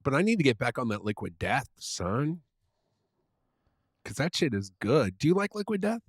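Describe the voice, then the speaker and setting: A man's voice: mid-range voice, sing-song, normal speed, dry recording, clean studio sound. A man co-hosting a podcast, chatting casually with crude, teasing jokes. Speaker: podcast co-host.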